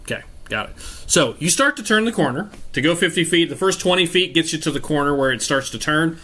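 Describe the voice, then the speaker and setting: A man narrating as game master of a tabletop game, descriptive and relaxed, with many fillers. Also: a little high, a little fast, slight background noise.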